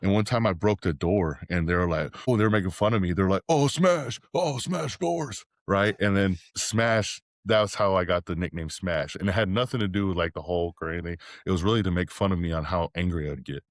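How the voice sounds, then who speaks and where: Low-voiced man telling a rambling story. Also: fast talker, hardly any pauses, no room sound, studio quality. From Texas. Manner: rambling storyteller, swears freely. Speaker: podcast guest. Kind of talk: casual chat.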